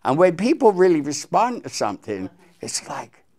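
A man's voice: a little high, normal speed. An older man from England telling stories from his career as a musician in an interview, acting out the quotes. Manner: animated storyteller, acts out quotes. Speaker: guest musician. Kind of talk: storytelling interview.

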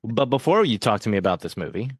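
A man's voice: lowish voice, sing-song, fast, slightly rough, no room sound, studio quality. A man hosting a podcast in casual chat, friendly and joking with his co-host.

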